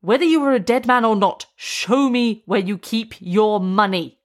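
A woman's voice: medium pitch, normal speed, natural voice. A woman voicing an angry, determined young man in a storybook reading, making firm, insistent demands. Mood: stern.

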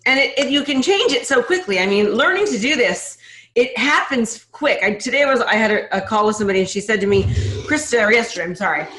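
A woman hosting a podcast in casual interview chat, upbeat, talking in quick bursts with many restarts. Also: a little high, lively intonation, fairly bright tone, echoey room, slight background noise. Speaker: podcast host.

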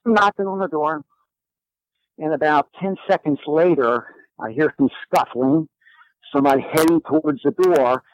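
A man telling a personal story as a guest, in a lively, animated way. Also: a little high, moderate pace, dry recording, highs cut off. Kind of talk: storytelling in a conversation.

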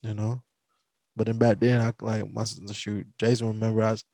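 A man from the American South hosting a podcast, telling food stories with animated energy and plenty of stumbles and restarts. His voice has a gravelly edge. He is close-miked in a dry room. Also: on the low side, a little fast, dry recording. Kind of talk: casual chat.

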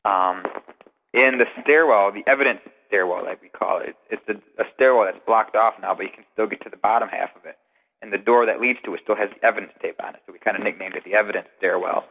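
A man's voice: fairly low pitch, fast talker, gravelly, breathy edge. A man, a guest paranormal investigator, telling rambling, detailed anecdotes in a casual interview over the phone. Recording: tinny phone line with long reverb.

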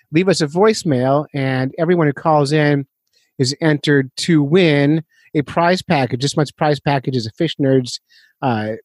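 A man's voice: on the high side, no room sound. A man hosting a fishing podcast in casual chat, rambling and self-deprecating, chuckling often. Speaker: podcast host.

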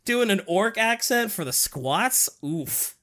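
Man, casual chat host, lively swooping pitch, giggly, rambling, swears a lot. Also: slow. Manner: animated, giggly, profane, rambling.

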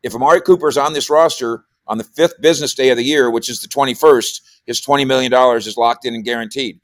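A man's voice: mid-range voice, fast, no room sound. A man talking sports as a regular radio guest, rambling and repeating himself in casual chat. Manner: rambling, repeats words, animated when quoting. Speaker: sports columnist and podcaster.

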